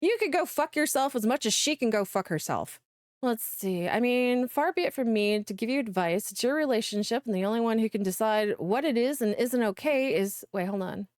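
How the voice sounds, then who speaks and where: A young woman delivers blunt, exasperated, profane reaction commentary as a VTuber host. Her voice sits high and swings widely. The sound is dry and close-miked. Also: expressive, fairly quick, darkish tone, no room sound.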